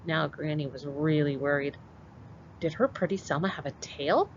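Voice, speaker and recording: A kindergarten teacher, a woman, reading a picture book aloud to children and walking them through it in an expressive way. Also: low-pitched, moderate pace. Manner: expressive, animated read-aloud. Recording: dull lo-fi with faint hiss.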